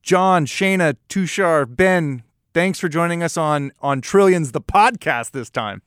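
A man's voice: fairly high pitch, a little slow, fairly bright tone, smooth, dry recording. Dry-witted male podcast host. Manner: dry, sarcastic banter. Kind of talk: casual podcast chat.

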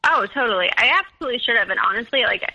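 Bright-voiced woman recounting her story. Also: on the high side, expressive, very fast, slightly rough, lo-fi sound. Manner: candid storytelling with many fillers, quoting others. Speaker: podcast guest. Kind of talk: personal story in interview.

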